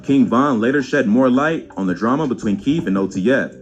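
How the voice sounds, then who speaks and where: A man reading a scripted documentary narration in an even, measured way. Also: mid-range voice, soft background music.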